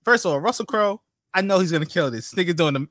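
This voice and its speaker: A man's voice: high-pitched, quick pace, no echo, clean studio sound. A man co-hosting a podcast, ranting in casual chat with frequent laughter. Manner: animated, laughing, exasperated ranting. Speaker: podcast co-host.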